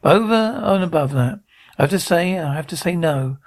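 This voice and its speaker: A man's voice: a little high, lively intonation, normal speed. An actor playing a guilt-ridden widowed father who rambles through an anxious, self-reproaching confession. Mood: despairing. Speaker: father of teenagers. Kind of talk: TV drama acting.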